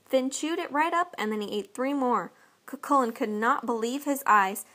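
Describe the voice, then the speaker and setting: Brief: woman storyteller, expressive and lilting, slightly high voice. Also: normal speed. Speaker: narrator. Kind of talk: storybook reading.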